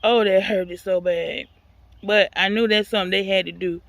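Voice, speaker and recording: A woman vlogger telling a personal story in a casual, animated way, talking straight to her viewers. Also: medium pitch, moderate pace, creaky, dry recording.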